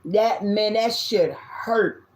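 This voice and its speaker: A woman in her fifties with a Southern US accent, giving a tarot reading in loud, blunt, casual talk and swearing freely. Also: medium pitch, extremely slow. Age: 50s. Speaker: tarot reader. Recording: echoey room.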